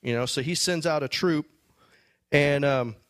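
A preacher with a fairly high, fairly bright voice delivers a sermon at a measured pace, reading scripture and explaining it loosely and conversationally. He restarts often and uses many fillers, and the recording has no room sound.

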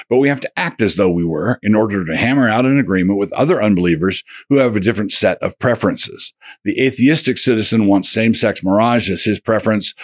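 A man's voice: lowish voice, husky, no echo, studio quality. A man reading his own polemical essay aloud as a religious commentator, with a sardonic, combative manner and a run of rhetorical questions.

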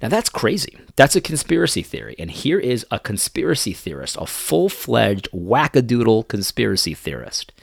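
A man's voice: mid-range voice, sing-song, normal speed, vocal fry, few pauses, dry recording, clean studio sound. A man commenting on video clips in an incredulous, mocking tone, often restarting his sentences.

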